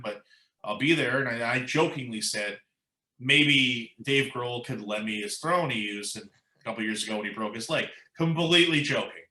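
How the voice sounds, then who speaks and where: A man from the United States, a musician appearing as a guest in a laid-back interview, tells a lively anecdote in a mid-range voice. He keeps quoting others and saying "like" and "you know," captured in a roomy, rough recording.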